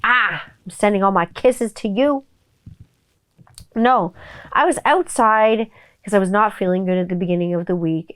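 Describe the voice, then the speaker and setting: Chatty and foul-mouthed, this middle-aged woman runs her own casual podcast in a smooth voice. Quotes frequently come out in a high, childlike voice.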